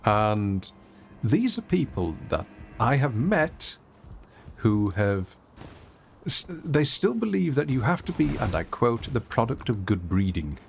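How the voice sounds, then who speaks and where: A man's voice: medium pitch, sing-song, slow, vocal fry, a little hiss or hum. A man with an English accent giving wry, theatrical commentary while streaming a game. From England. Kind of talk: casual gameplay commentary.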